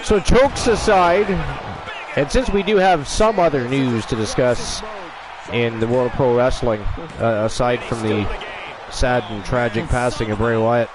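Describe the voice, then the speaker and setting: A man hosts a wrestling talk show, speaking in a laid-back, measured way with plenty of hesitant fillers. His voice sits at an ordinary pitch while a loud crowd plays behind him. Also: fairly even intonation. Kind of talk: casual chat and reading news.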